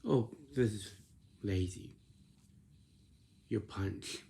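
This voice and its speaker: Gravelly, dark-toned man, unhurried, rambling casual talk full of coaxing questions. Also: on the low side. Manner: repetitive, coaxing questions with many restarts.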